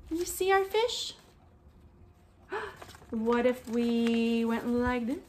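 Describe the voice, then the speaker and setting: A young woman leading a children's museum storytime, gentle and animated, with frequent gasps and sing-song prompts to the little ones. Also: sits high, measured pace.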